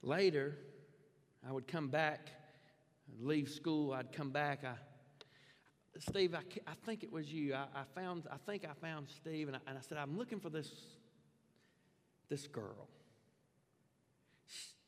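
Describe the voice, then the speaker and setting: A man telling his conversion story as a sermon testimony, animated, his voice jumping up in pitch at the dramatic parts. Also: unhurried, pauses often. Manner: animated storytelling, pitch leaping up when excited. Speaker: preacher giving testimony. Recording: long hall reverb.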